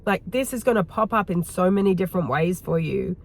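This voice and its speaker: Soft-spoken woman guiding a reflection. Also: on the low side, expressive, fairly quick. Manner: rambling, heartfelt, full of "like" fillers. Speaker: wellness host. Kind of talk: guided reflection talk.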